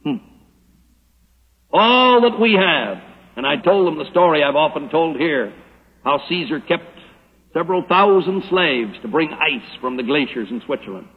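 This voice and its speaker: A man pastor giving a radio Bible teaching sermon, preaching emphatically with slow, dramatic stressed phrases. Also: on the high side, lively intonation, slightly rough. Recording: muffled old radio broadcast with long reverb.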